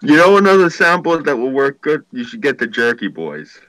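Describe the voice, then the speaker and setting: A man's voice: mid-range voice, sing-song, fairly quick, a bit bright, dry recording, poor audio. A man from Queens, telling rambling, profane stories as a podcast host in casual chat. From Queens, New York.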